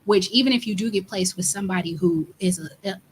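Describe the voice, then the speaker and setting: Co-host, female, mid-pitched, thoughtful and affirming, faint background noise. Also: fast, poor audio. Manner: thoughtful, affirming with short interjections. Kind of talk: casual conversation.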